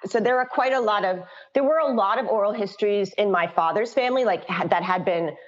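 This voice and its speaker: Middle-aged woman, author guest, chatty and frank, laughs a lot, even mid pitch, dull lo-fi sound. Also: brisk. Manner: chatty and frank, laughs often, many restarts. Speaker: children's book author, guest. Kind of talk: casual interview conversation. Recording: dull lo-fi audio.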